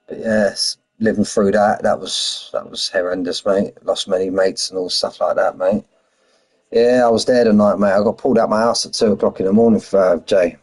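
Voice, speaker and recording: A man's voice: on the low side, a little mellow, low-quality recording. A man with a London accent, chatting casually to viewers on a racing game stream, saying "mate" often and reading out lap times. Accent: London English. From London, England. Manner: chatty, says "mate" constantly, reads out lap times and answers chat. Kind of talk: casual live-stream chat. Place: home in Spain.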